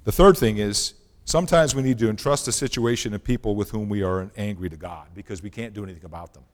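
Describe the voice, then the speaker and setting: A middle-aged male pastor preaching a sermon in a conversational way, sometimes dropping his voice very low for emphasis. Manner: conversational preaching, drops to near-whisper for emphasis. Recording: long hall reverb.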